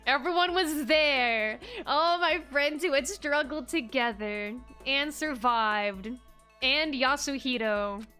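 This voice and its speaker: A woman's voice: high voice, slow pace, sharp tone. A woman streaming a game in casual commentary, playful and laughing often as she reads lines aloud. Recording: faint music in the background.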